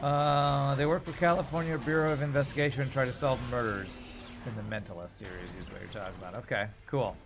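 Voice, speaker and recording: A man's voice: medium pitch, fairly even intonation, a little fast, few pauses, music in the background. A man streaming a card game, chatting casually and thinking aloud about his moves. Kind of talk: casual gameplay commentary.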